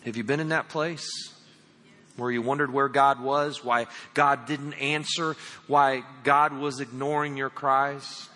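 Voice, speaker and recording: A man's voice: mid-range voice, level tone, unhurried, bright, forceful tone. A man preaching a sermon as pastor, talking emphatically and calling his listeners friends. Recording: long reverb of a large hall.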